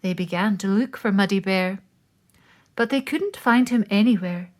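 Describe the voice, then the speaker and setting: A woman reading a children's picture book aloud, with slow, expressive storytelling. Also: medium pitch.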